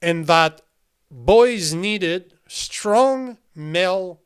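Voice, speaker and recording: A man's voice: high-pitched, animated, extremely slow, clear, resonant tone. A man hosting his own show, ranting in a heated, profane way, breaking into incredulous laughs while he reads viewer comments aloud. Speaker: podcast host. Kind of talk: livestream commentary reading chat.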